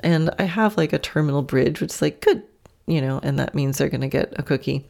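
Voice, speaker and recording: A woman's voice: sits low, a little fast, gravelly, darkish tone. A woman hosting a podcast, casually telling a story, laughing often and voicing her horse's imagined thoughts. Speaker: podcast host and horse trainer.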